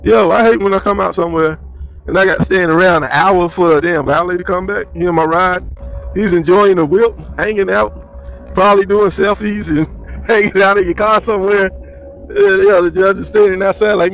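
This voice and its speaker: A man's voice: sits high, moderate pace, creaky, fairly bright tone, slight background noise. A man giving slangy, rambling solo commentary on the news.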